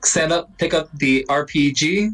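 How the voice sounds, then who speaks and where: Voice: medium pitch, a little slow, fairly bright tone, faint music behind, low-quality recording. Player describing their character's moves. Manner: casual, narrates own character's actions. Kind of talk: casual tabletop game chat.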